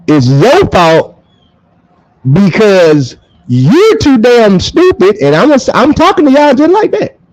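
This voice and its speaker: A man ranting bluntly to camera as a track coach, profane and swinging between loud bursts and low mutters. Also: wildly swooping pitch, slow pace, rough recording.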